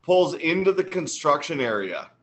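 A man's voice: a little high, very animated, moderate pace, a bit bright. Man ranting in casual chat. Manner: annoyed, rambling anecdotes with restarts.

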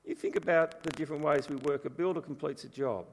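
A man's voice: on the high side, steady tone, fast. A man preaching a sermon as pastor, telling stories in a chatty, humorous way. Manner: chatty storytelling with humour. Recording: long reverb from a large room.

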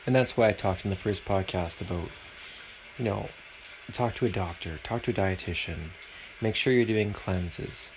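A man with a deep voice hosts a podcast alone at home, delivering a casual monologue in an earnest, preachy, rambling way. He speaks at a moderate pace against a noisy background.

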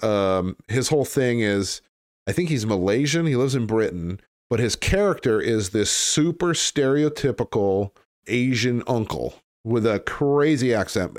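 A man with a fairly low voice hosts a casual podcast chat. He rambles bluntly, swears freely and leans on fillers. The sound is dry and close. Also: no room sound. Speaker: podcast host.

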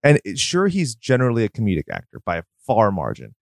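Podcast co-host, male, lowish dry voice, riffs hard with strong opinions. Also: wildly swooping pitch, gravelly, no room sound. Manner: opinionated, quick to riff and swear. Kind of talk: casual chat.

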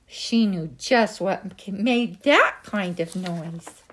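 A woman reading a children's picture book aloud in a gentle, expressive way. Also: mid-range voice, extremely slow, breathy edge. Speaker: storybook reader.

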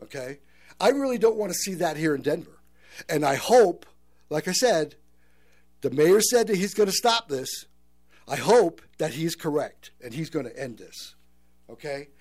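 A man's voice: fairly high pitch, very animated, moderate pace, a little mellow. A man hosting a talk radio show, talking earnestly to listeners and calling them folks.

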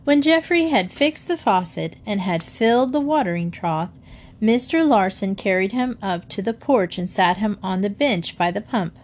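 Lady reading a kids book out loud, gentle and expressive, middle pitch. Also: moderate pace. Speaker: storyteller. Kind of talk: children's book read-aloud.

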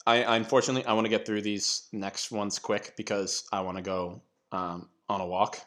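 A man's voice: on the low side, level tone, moderate pace, a bit bright. A man hosting a casual chat, telling stories in a rambling way, with lots of fillers, restarts and casual swearing.

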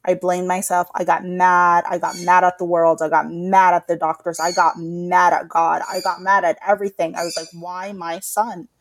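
A somewhat low-voiced woman in her thirties speaks openly as a podcast co-host, with feeling. She acts out the remarks of others as she goes. The sound is close and dry, with no room around it. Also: flat delivery, normal speed, few pauses, no room sound. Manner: emotional storytelling, acts out other people's remarks. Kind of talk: candid personal conversation.

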